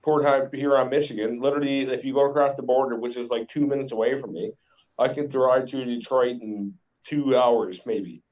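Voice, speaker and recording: A man's voice: medium pitch, fairly even intonation, normal speed, a little mellow. A Canadian man co-hosting a podcast, swearing freely and telling stories in casual chat. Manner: profane, storytelling. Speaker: podcast co-host. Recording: distant, muffled mic.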